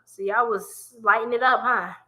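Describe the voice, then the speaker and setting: On a live tarot reading for her viewers, a woman speaks at a normal speed in a bright, slightly high voice. She stays chatty and playful and laughs often.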